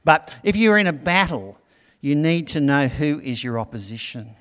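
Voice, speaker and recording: A man's voice: on the high side, sing-song, moderate pace, a bit bright, big-room sound. A middle-aged man preaching a sermon in a conversational, storytelling way. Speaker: pastor.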